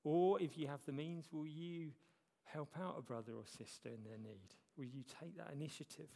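A man gives a sermon in a church hall, his voice gravelly with a touch of fry. He keeps it conversational and pokes fun at himself, and the hall rings with a long reverb. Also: fairly high pitch, moderate pace, warm tone. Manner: conversational, self-deprecating humor. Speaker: church elder preaching.

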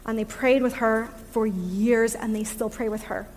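A woman giving a sermon in a reflective way, pausing on fillers and laughing softly now and then, recorded in a church. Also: on the high side, steady tone, big-room sound, a little hiss or hum. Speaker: preacher. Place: church sanctuary.

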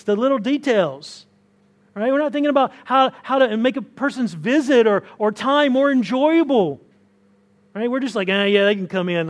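High-voiced man preaching a sermon. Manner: conversational, repeats words while preaching, rises when pressing a point. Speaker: pastor. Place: church hall.

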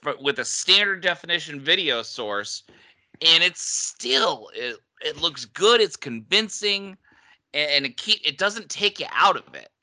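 A man co-hosting a casual podcast chat, playful and quick to joke. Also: fairly high pitch, animated, sharp tone. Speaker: podcast co-host.

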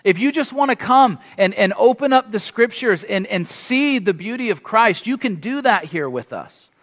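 A man's voice: high voice, animated, normal speed, a bit bright, in a large hall. A man preaching as a guest, delivering an impassioned sermon that builds to emphatic peaks and closing in prayer. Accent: foreign to the congregation, from across the ocean. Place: church hall.

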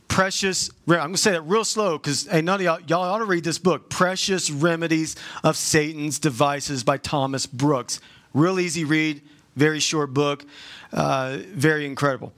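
A man preaching to his congregation in a relaxed, chatty way, full of jokes and quick asides. His voice sits a little high for a man, and he often stumbles and restarts mid-sentence. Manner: conversational, joking asides, many restarts. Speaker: pastor. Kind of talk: sermon.

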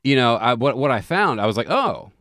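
A man's voice: medium pitch, animated, quick pace, a bit bright, no room sound, studio quality. A man chatting casually as a podcast co-host, rambling and profane, with lots of restarts as he tells a story. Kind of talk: casual chat.

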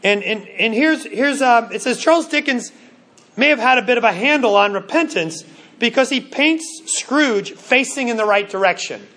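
A man preaching a sermon in an earnest way, slowing down for emphasis and often restarting his words. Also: extremely high pitch, animated, bright, forceful tone. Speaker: pastor.

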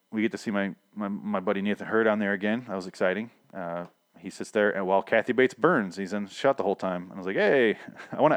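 A man hosting a casual solo podcast, rambling excitedly with stammering restarts and swearing freely as his voice starts to go hoarse. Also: lowish voice, no echo. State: voice going hoarse. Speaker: podcast host.

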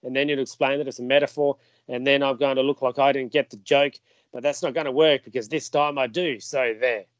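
Man, mid-pitched voice, jokey and curious, dry close sound, dull audio. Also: fairly even intonation, fairly quick, dry recording. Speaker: podcast co-host asking questions. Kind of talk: casual podcast banter.

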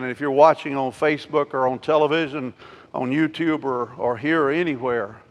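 A male pastor preaching a sermon. He swings between loud, emphatic declarations and quiet, intimate asides, and asks the congregation rhetorical questions. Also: on the high side, lo-fi sound. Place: church sanctuary. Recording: long hall reverb.

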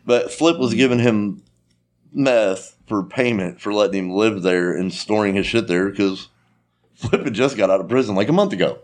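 A man's voice: lowish voice, moderate pace. A man telling a long story in a casual chat, swearing freely and acting out the dialogue. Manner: profane, animated storytelling with quoted dialogue.

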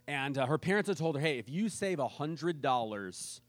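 Male pastor, conversational sermon delivery, lively quoted voices, dry recording. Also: a little high, moderate pace, no echo. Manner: casual storytelling with animated quoted voices.

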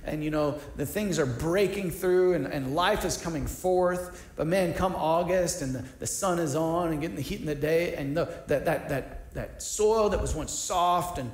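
A man's voice: fairly high pitch, normal speed, hardly any pauses, reverberant. A man preaching a sermon in an earnest, conversational way, asking rhetorical questions and often restarting his sentences. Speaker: pastor.

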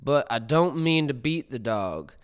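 A man's voice: medium pitch, animated, unhurried, clean tone, natural voice. A man reading out a woman's online post about harsh dog training in a slightly raised imitation voice. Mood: blunt. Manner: blunt, self-assured reading of an online post.

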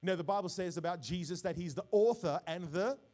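A man preaching a sermon as pastor, swinging from quiet reflection to loud, emphatic bursts. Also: sits high, fast talker. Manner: preaching with rising bursts of volume and call-outs.

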